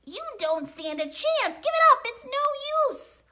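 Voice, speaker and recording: A woman voicing a greedy, frantic male squirrel who shouts in a squeaky voice. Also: big pitch swings, unhurried, exaggerated voice.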